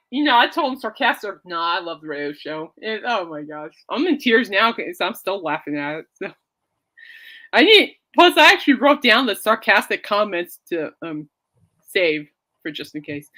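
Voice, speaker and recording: Hosting a casual chat podcast, a woman rambles and laughs often. Her mid-range voice is bright and forceful, with big pitch swings, a measured pace, and long pauses.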